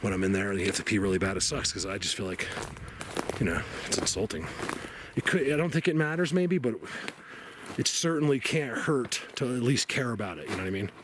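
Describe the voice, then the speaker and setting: A man's voice: fairly low pitch, brisk, background noise. Breathless man hiking through a forest. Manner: excitable, rambling, drops to a hushed whisper. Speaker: outdoor vlogger searching for Bigfoot. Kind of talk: casual walking vlog to camera. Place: forest outdoors.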